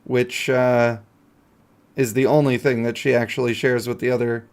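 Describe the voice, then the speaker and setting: A man's voice: mid-range voice, little pitch movement, normal speed. A man giving casual, joking commentary as he plays a mobile game, talking to himself and his viewers. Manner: playful, jokey, talks to himself and viewers. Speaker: gaming YouTuber.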